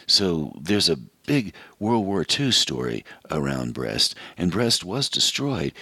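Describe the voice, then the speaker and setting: An American man in his seventies hosts a radio show, telling a personal story in an easygoing, reflective way. His voice is very low and gravelly, with a husky edge. His pitch rises and falls freely as he talks. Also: no echo. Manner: relaxed, anecdotal monologue.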